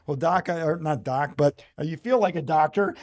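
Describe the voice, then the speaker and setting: A man's voice: a little high, moderate pace, darkish tone. A man hosting a podcast interview for sales managers, affirming his guest and rambling with restarts. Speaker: podcast host.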